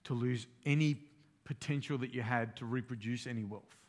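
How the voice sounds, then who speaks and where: A man's voice: mid-range voice, normal speed. A man giving a sermon, retelling a story in plain, conversational language with everyday slang. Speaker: preacher.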